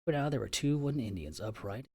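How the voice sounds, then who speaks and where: A man's voice: mid-range voice, expressive, fast talker, darkish tone, a little hiss or hum. A man reading a novel aloud on a live stream, sometimes stumbling over words and stopping to comment on them.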